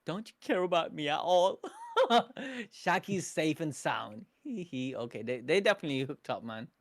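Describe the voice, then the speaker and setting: A man hosting a live manga reaction, reading the panels aloud and breaking in with slangy, excitable asides and frequent laughter. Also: a little high, normal speed. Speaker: anime reaction streamer.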